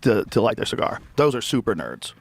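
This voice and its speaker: A man hosting a casual chat who talks with animated emphasis and repeats his points. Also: fairly low pitch, a little fast, creaky, faint music behind.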